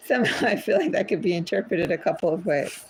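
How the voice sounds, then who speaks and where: A woman's voice: fairly low pitch, lively intonation, quick pace, faint music behind, rough recording. A woman giving a casual tarot reading at home, chatty and easily sidetracked. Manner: chatty, easily sidetracked, talks to her cats. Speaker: tarot reader. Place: home with cats.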